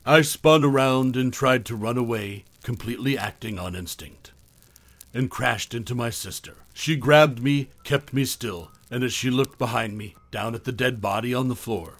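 A man's voice: mid-range voice, fairly bright tone, no echo. Man narrating a horror tale, dry. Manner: measured, tense storytelling.

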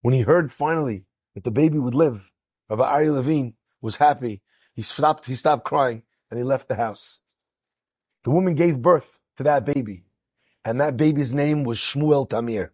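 Male rabbi storyteller, husky, dry close sound, animated delivery. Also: mid-range voice, normal speed, dry recording. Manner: animated, acts out quotes with rising excitement. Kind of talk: storytelling lecture.

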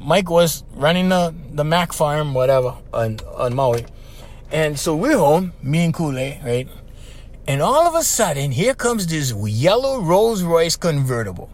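Animated older Hawaiian storyteller man. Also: a little high. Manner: animated, slangy, repeats himself. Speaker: podcast host. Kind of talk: casual storytelling.

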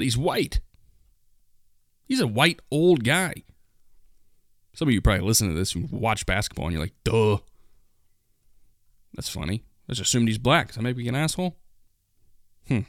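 A man hosts a solo commentary podcast, reading headlines aloud and mocking them with profane sarcasm. His voice sits in a middle pitch. The sound is dry and close, with no room around it. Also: fairly bright tone, dry recording. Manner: reads news aloud and riffs on it. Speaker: podcast host.

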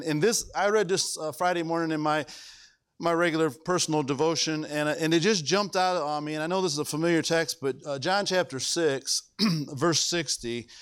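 A man's voice: on the high side, a bit bright, clean tone. A male pastor preaching a sermon, emphatic and full of rhetorical questions to the congregation.

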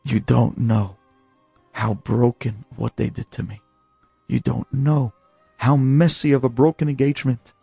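A man voicing a hurt, stubborn young bride in a story, speaking quietly and resentfully. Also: mid-range voice, flat delivery, a little slow, creaky, husky, no echo, soft background music, full character voice. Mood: bitter.

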